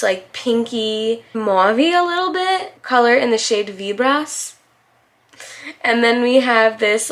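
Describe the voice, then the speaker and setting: A woman's voice: on the high side, gravelly. A young woman with a slight lisp, chatting casually and bubbly as a beauty vlogger reviewing makeup.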